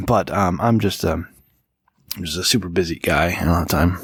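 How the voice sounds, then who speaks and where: A tipsy man rambles through casual podcast banter, swearing freely and restarting his sentences. His pitch swings widely and the sound is dry and close. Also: lively intonation, normal speed, husky, no echo, soft background music. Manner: rambling, profane, restarts often. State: tipsy from drinking. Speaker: podcast co-host.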